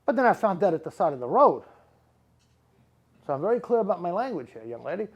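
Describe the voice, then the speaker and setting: A man's voice: high voice, sing-song, quick pace, breathy edge, muffled recording. A middle-aged man, a psychic medium giving readings to a live audience, who rambles and repeats words for emphasis.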